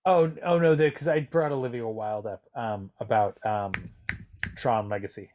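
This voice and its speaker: A man's voice: mid-range voice, steady tone, moderate pace, background noise. A man with an everyday mid-range voice who talks his way through a casual podcast chat. He hedges often and circles back on his own points. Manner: chatty, hedging, full of fillers and restarts. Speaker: podcast co-host.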